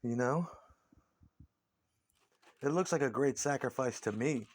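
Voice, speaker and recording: A man's voice: medium pitch, a little slow. A man talking casually in an interview, ranting and scornful, with lots of swearing.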